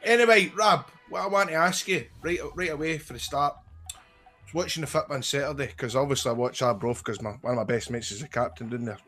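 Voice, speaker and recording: A man's voice: medium pitch, quick pace, bright, forceful tone, soft background music. A Scottish man hosting a football podcast, joking and teasing his guest in casual chat. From Scotland. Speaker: podcast host.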